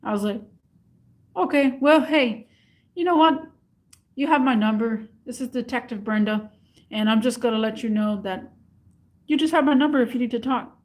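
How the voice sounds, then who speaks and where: A woman's voice: a little high, fairly quick, a little mellow. A young woman vlogger telling a story casually to her camera, acting out both sides of a phone call.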